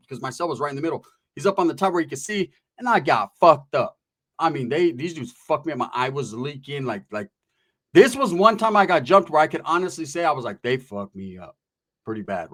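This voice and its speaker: A man from California telling a story in casual chat, with rapid, profane, animated street slang. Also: a little high.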